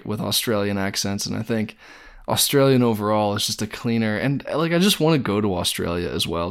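A man's voice: on the low side, clear, resonant tone. A man co-hosting a casual podcast, laid-back and rambling with fillers. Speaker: podcast co-host. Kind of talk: casual sports podcast chat.

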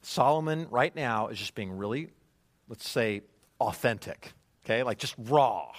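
A man preaching a sermon, animated and conversational, with many rhetorical questions. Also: mid-range voice, measured pace, no room sound. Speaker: pastor.

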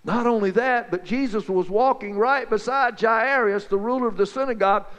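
A man telling Bible stories as a folksy, excited back-and-forth chat between two friends. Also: sits high, moderate pace, clean tone, long reverb tail, highs cut off. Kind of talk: two-voice dramatized Bible storytelling.

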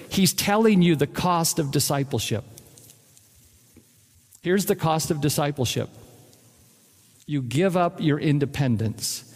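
High-voiced man preaching in a reverberant hall. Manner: emphatic, repeats key phrases, addresses congregation directly. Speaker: pastor. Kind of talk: sermon. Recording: long reverb of a large hall.

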